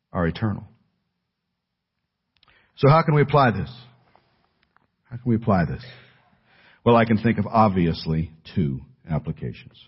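A man preaches with a low, husky voice, pressing his points hard and then dropping almost to a hush. The audio is dull and lo-fi, like a church sermon tape. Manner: earnest preaching, swings from loud emphasis to near-hushed pleading. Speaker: pastor.

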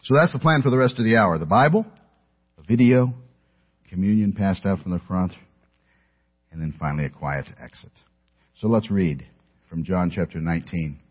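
Male pastor, lowish husky voice, casual delivery from the pulpit, dull lo-fi sound. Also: normal speed, pauses often. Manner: relaxed, conversational, with many fillers. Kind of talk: sermon with scripture reading. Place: church sanctuary.

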